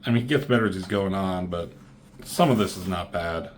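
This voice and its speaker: A man giving a casual, rambling comic book review, swearing freely and filling pauses with "um". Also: sits low, slight background noise. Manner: rambling, profane, lots of fillers.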